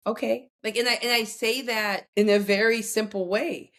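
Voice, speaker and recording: A woman's voice: a little high, fairly even intonation, normal speed, hardly any pauses. A woman in her forties talking as a podcast guest, telling candid personal stories in an earnest, direct way. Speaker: guest expert on conflict. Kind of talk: casual podcast conversation.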